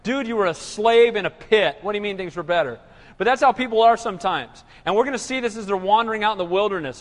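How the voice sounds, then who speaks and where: A man preaching a sermon in an animated call-and-response manner. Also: high voice, fast talker. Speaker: pastor. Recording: reverberant hall.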